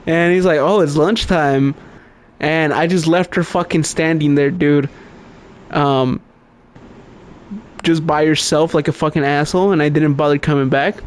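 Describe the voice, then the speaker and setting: A young man on a casual podcast spins a rambling, swear-heavy story and laughs along the way. His voice sits a little higher than most men's. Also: fairly even intonation, measured pace, long pauses, clean tone. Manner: profane, storytelling, laughs often. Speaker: podcast co-host. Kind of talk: casual chat.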